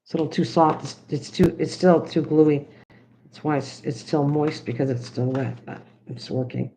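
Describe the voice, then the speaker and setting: A woman's voice: deep voice, steady tone, moderate pace, warm tone, slight background noise. An older woman from the United States chatting rambly with viewers while she makes cards on a livestream. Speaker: craft livestreamer. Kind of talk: casual livestream chat while crafting. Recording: slightly dull lo-fi stream audio.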